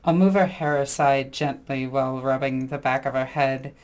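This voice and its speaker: A woman's voice: very deep voice, steady tone, normal speed, a little mellow. A woman playing a tabletop game over an online call, describing her character's actions in first person and laughing often. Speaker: player and channel host. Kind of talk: casual tabletop role-play.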